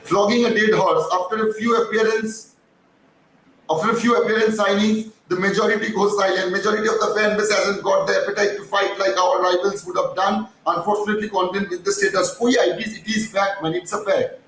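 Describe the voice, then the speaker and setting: Man, high voice, heated fan rant, echoey room, distant mic. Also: fairly even intonation, brisk, fairly bright tone, a little hiss or hum. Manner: heated, ranting, swears, apologizes for getting hyper. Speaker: fan channel host. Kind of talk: live-stream fan commentary.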